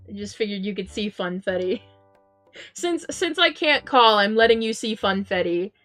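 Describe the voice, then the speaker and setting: A woman of medium pitch and slightly bright tone streams casually, reading viewers' messages out loud. She giggles frequently and restarts her sentences with lots of ums, using a headset mic against faint game music.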